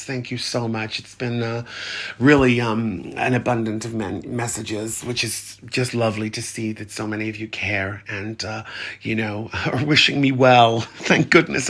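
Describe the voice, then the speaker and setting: Despite the pain of an injured arm, this theatre show host is camp and gushing, addressing listeners as "darling" and "honey" and often breaking into laughter partway through sentences. He speaks at medium pitch with a fairly bright tone.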